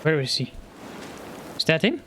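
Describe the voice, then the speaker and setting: A man talking through his game in a high, lively voice that jumps around a lot, slow and drawn out as he frets to himself. His frightened muttering breaks into sudden yelps, over steady background noise. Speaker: gamer. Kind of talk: let's play commentary.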